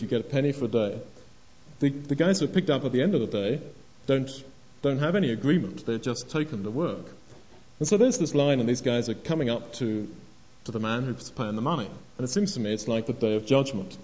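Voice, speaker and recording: An older man preaching a sermon on scripture, halting and repeating words, acting out the voices of people in the story. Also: on the high side, dark tone. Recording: dull lo-fi recording.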